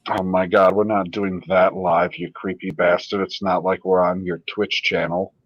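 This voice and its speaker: A man's voice: low voice, level tone, no echo, muffled recording. A man hosting a casual livestream, talking loosely and swearing often. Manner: loose, swearing, quick laughs. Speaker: livestream host. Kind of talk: casual profane chat.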